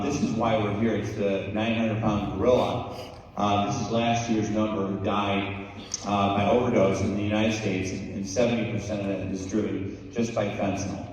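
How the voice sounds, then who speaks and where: A man's voice: fairly low pitch, slight background noise. Blunt man speaking in an echoey hall. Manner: blunt, plainspoken storytelling. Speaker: speaker at a school assembly. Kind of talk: spoken talk to students. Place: large school hall. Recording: echoey hall recorded from far off.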